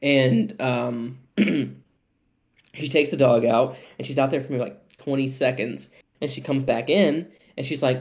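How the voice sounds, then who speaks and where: Animated young man telling a podcast story. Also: mid-range voice, slow. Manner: animated, profane, laughing storyteller. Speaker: podcast co-host.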